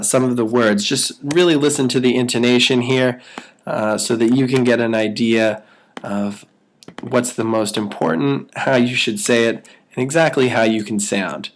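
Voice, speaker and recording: A man teaches new callers how to work a phone script. He speaks at a steady middle pitch and slips into an upbeat, persuasive salesman's patter when he acts out the call. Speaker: sales trainer. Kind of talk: training walkthrough with role-played sales calls.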